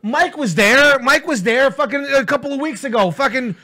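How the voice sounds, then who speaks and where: A man with a very high, bright, forceful voice tells crude stories in loose comedic banter. His delivery is profane and animated, and he keeps the jokes rolling as a show co-host. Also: moderate pace. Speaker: podcast co-host.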